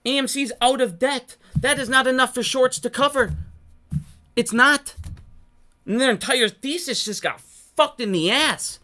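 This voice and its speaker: A bright, sharp voice pushes through a heated, profanity-laced rant aimed straight at viewers. The speaker sounds fed up and talks in quick, insistent bursts. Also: high voice. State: frustrated. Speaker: stock market commentator. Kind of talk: unscripted solo rant to viewers.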